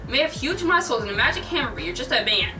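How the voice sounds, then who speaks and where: A woman's voice: high voice, lively intonation, fast talker. Curt, irritable soldier in bed, woman reading; distant, music behind. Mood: irritated. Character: male soldier patient, grumpy and irritable.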